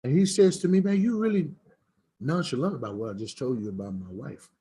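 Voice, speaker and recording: A man's voice: mid-range voice, fairly quick, mellow, slightly rough. A middle-aged man, a smokehouse owner telling folksy stories in a preacherly way. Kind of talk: storytelling chat.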